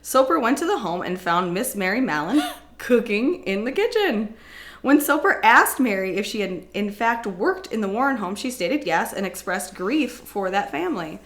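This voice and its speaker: A woman's voice: medium pitch, very animated, fairly bright tone. A woman co-hosting a podcast, casually retelling a history story with frequent swearing and laughter. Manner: chatty and profane, laughs often, jumps into quick silly voices. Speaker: podcast co-host.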